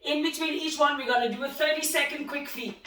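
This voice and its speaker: A woman's voice: high-pitched, fairly even intonation, fast, bright, forceful tone, echoey room, distant mic, poor audio. A woman teaching a beginner boxing class, calling out punch combinations and encouraging the class while out of breath. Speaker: boxing fitness instructor. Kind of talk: live workout class coaching.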